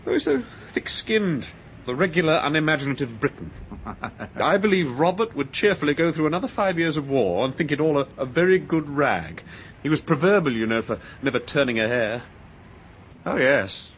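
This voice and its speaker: An actor playing a bitter, touchy English ex-soldier with an edgy, resentful manner, in an old radio drama. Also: male voice, fairly high pitch, expressive, a bit bright, slight background noise. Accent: upper-class English. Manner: edgy, resentful, quick to flare up. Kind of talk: 1930s-style radio drama acting. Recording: dull old radio recording.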